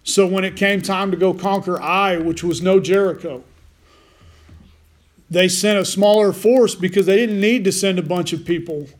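High-voiced folksy pastor. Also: male voice, moderate pace. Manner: folksy, self-deprecating asides with frequent restarts. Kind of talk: sermon.

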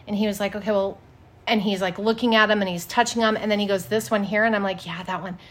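A woman in her thirties co-hosting a casual podcast chat, telling lively stories and acting out what people said. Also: medium pitch, fast talker. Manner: animated storyteller, acts out quotes. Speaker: podcast co-host.

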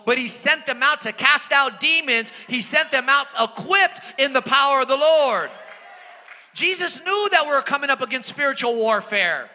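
Man, preacher, sermon, very high voice, animated, hushed to shouting, long hall reverb. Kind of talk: sermon with personal storytelling.

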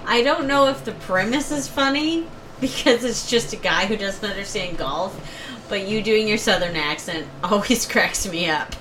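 A woman co-hosting a podcast in casual chat, wry and quick to tease. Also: mid-range voice, a bit bright, slight background noise, poor audio. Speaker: podcast co-host.

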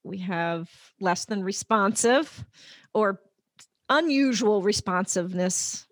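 A woman co-hosting a casual chat show, upbeat and quick to laugh. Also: mid-range voice, animated, fairly bright tone, no room sound, clean studio sound. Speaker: podcast co-host.

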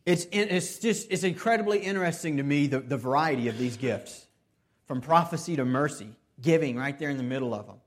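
A male pastor delivering a sermon in a voice pitched somewhat high. He swings between loud, emphatic bursts and quiet, hushed passages. He often restarts and repeats phrases. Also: expressive, a little fast. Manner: earnest preaching that swings from loud emphasis to soft, hushed stretches.

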